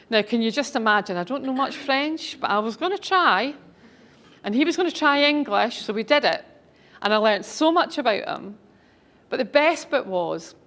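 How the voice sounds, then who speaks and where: A woman's voice: medium pitch, a bit bright. A middle-aged woman, a speaker and author, telling anecdotes to an audience in a chatty, enthusiastic way. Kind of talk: storytelling talk to an audience.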